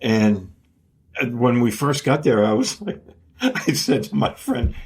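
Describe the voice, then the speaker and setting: A man's voice: mid-range voice, wildly swooping pitch, slow, a little mellow, husky. A man with a Boston accent, hosting a podcast and chatting in a hesitant way with many fillers. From United States. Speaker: podcast host. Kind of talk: casual podcast interview.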